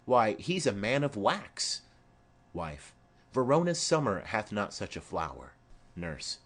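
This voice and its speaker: A man's voice: fairly low pitch, big pitch swings, takes it slowly, a bit bright, exaggerated voice. A man voicing a chatty old female nurse who rambles fondly with earthy asides, in an audiobook play reading. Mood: rambling.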